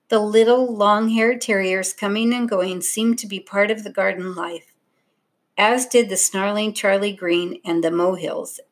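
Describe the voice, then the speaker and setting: A woman narrating a children's storybook in a steady, expressive reading voice. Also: mid-range voice.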